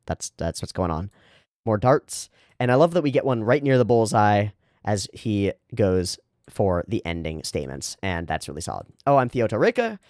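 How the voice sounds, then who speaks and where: A man's voice: fairly low pitch, expressive, moderate pace, a little mellow, dry recording, clean studio sound. A man hosting an anime reaction video, talking casually and animatedly, often laughing and swearing as he comments.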